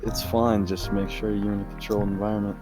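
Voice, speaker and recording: A man's voice: on the low side, little pitch movement, fast talker, over music. A man co-hosting a podcast in laid-back casual chat, offering easy advice. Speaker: podcast co-host.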